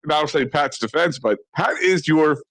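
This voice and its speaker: A man's voice: fairly high pitch, moderate pace, no room sound, rough recording. Rambling Philly man, dry mic. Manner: excitable, rambling, many restarts. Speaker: podcast co-host. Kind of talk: casual sports chat.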